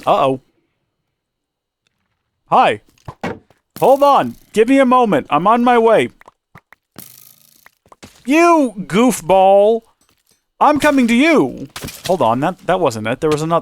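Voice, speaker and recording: A man's voice: mid-range voice, gravelly. A man hosting a video game let's-play, giving chatty, rambling commentary as he talks to himself and his viewers. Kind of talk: casual gameplay commentary.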